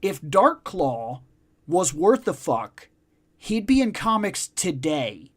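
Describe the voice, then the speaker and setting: A man's voice: fairly high pitch, big pitch swings, slow pace, fairly bright tone. A man hosting a casual discussion chat, emphatic and profane, repeating his points for stress. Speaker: podcast host.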